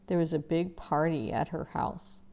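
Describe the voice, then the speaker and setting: A woman voicing a tired middle-aged father in a storybook reading, speaking in a flat, worn way. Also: low-pitched, normal speed, gravelly. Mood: somber. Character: weary middle-aged father, calm and plain-spoken.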